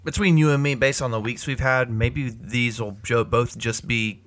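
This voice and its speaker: Chatty man with a bright voice. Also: medium pitch, fairly even intonation, normal speed, no echo. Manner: rambling, self-correcting, chuckling. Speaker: podcast co-host. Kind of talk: casual chat.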